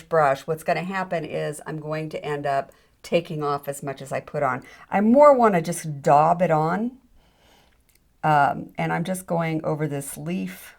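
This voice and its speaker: Demonstrating jewelry-making by hand, a middle-aged instructor with a low, gravelly voice keeps things chatty and self-deprecating, with plenty of ums and restarts.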